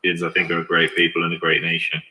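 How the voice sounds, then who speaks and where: A man's voice: deep voice, monotone, brisk, sharp tone, breathy edge. A man on a debate panel, answering in a dismissive, brush-off way.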